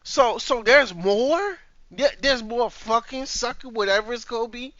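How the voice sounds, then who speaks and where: A man's voice: extremely high pitch, measured pace, a bit bright, no room sound, highs cut off. A man hosting a reaction video, talking in a heated, profane, casual way.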